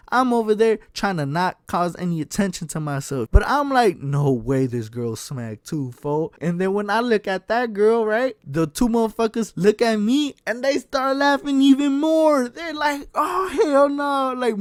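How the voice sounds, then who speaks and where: A young man telling a casual storytime in slangy, profane speech, often calling listeners folks, swinging between hushed and excited. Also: fairly high pitch, dry recording. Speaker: storytime vlogger.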